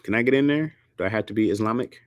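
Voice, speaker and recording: A man from the United States chatting casually and jokingly with his audience, often jumping into a high squeaky pitch for emphasis. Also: rapid-fire, no echo. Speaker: streamer host. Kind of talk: casual chat.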